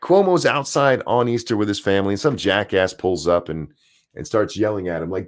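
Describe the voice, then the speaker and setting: Hosting a live stream, a man with a lowish, fairly quick voice reads news articles aloud and rants about them, full of sarcasm and profanity.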